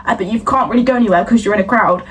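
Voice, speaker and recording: A woman's voice: mid-range voice, very fast, a bit bright, recorded from a distance. A woman co-hosting a podcast, ranting in a heated, sweary way and slipping into laughter. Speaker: podcast co-host. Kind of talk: comedic ranting chat. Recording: voice set back from the mic, faint background hiss.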